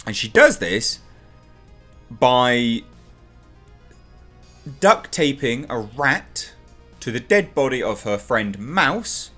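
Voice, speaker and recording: A man's voice: very animated, drawn-out words, long pauses, bright, forceful tone, soft background music. A man reviewing a TV show in a ranting vlog, sarcastic and exasperated, swearing and repeating himself for emphasis. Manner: exasperated, sarcastic, mocks characters in high put-on voices.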